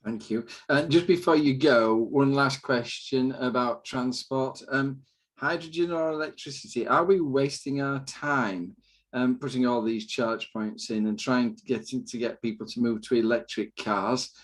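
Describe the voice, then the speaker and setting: A man hosts a political panel discussion. He asks questions informally, jokes with his guests and now and then stumbles over his words. His voice sits at an ordinary pitch for a man. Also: unhurried. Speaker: host.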